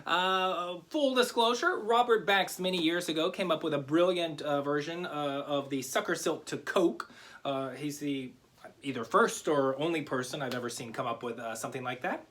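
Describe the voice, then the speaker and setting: A man's voice: a little high, moderate pace, fairly bright tone. A man giving a comic magic lecture to camera, teaching a trick while joking, rambling and interrupting himself. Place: home video recording.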